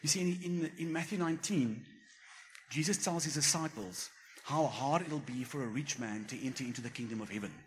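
A man's voice: medium pitch, fairly quick, a little hiss or hum. A man preaching a sermon, telling a personal story and acting out the voices he quotes. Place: church.

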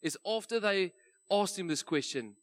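Casting: South African male pastor, slightly higher voice, chatty sermon storyteller in a church. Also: expressive, normal speed, a bit bright. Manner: conversational storytelling, light laughs.

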